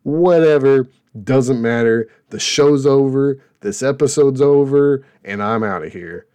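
Young guy ranting about tv, sarcastic and rambly, kinda dark relaxed voice. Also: mid-range voice, measured pace, smooth. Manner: sarcastic, rambling, laughs at his own jokes. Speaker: podcast host reviewing TV shows. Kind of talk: casual opinionated chat.

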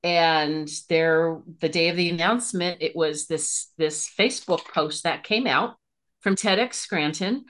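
Woman, middle-aged, podcast guest, fairly low voice, animated storytelling, casual chat. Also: moderate pace. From Pennsylvania. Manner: animated storyteller, voice leaping up when excited.

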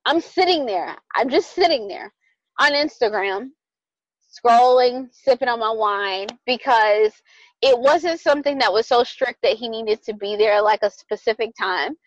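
A young adult woman co-hosting a podcast, telling a dating story in casual chat, animated and profane, acting out both sides. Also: on the high side, unhurried, dry recording, lo-fi sound. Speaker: podcast co-host.

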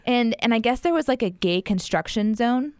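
A woman's voice: a little high, expressive, moderate pace, a little mellow. A woman telling a personal story in casual conversation, rambling with many fillers and frequent laughs. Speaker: guest sharing her story.

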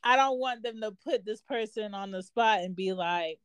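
A woman's voice: medium pitch, normal speed, few pauses, slight background noise. A woman co-hosting a podcast, asking questions and speaking frankly in casual chat. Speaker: podcast co-host.

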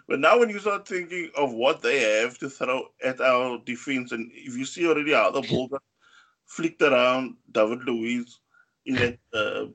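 A man of middle pitch talks football on a podcast, lively and animated. His voice jumps higher when he stresses a point, and he leans on fillers as he builds his argument. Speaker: podcast co-host. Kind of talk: casual football chat.

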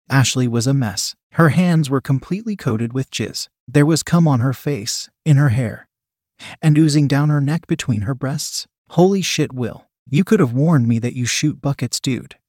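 A man reading a story aloud as a narrator, in an even, unhurried storytelling manner. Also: medium pitch, no room sound, studio quality. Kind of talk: scripted audiobook narration.

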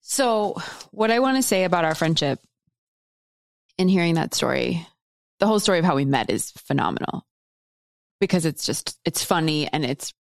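Low, earnest woman podcast host. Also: sing-song, normal speed, creaky, pauses often, no room sound, studio quality. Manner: earnest, emphatic, repeats for emphasis. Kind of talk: heartfelt conversation.

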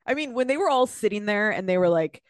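A woman's voice: medium pitch, animated, fast talker, dry recording, studio quality. A woman co-hosting a podcast, chatting casually and gossiping, swearing and acting out quotes from the show. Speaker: podcast co-host. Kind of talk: casual chat.

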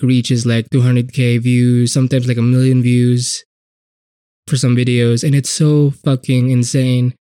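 A man's voice: medium pitch, dark tone, no echo, clean studio sound. A man hosting a casual solo podcast, rambling with many fillers and frequent swearing, talking with a blocked nose. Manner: rambling, profane, lots of fillers. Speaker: podcast host.

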